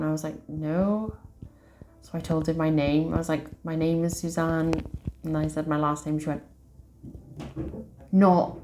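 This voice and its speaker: Low-voiced woman telling her story. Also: steady tone, measured pace, pauses often, mellow, faint music behind. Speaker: tarot reader and channel host. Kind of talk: emotional personal storytelling to camera.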